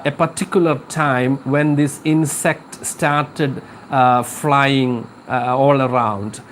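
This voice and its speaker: A man teaching an English class, explaining a poem slowly with frequent filler pauses. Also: fairly high pitch, slight background noise. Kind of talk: live class lecture on a poem.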